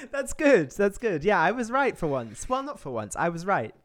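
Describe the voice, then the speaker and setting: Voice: mid-range voice, huge pitch swings, moderate pace. Wry, teasing podcast co-host. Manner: wry, swears casually, teasing. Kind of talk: casual chat.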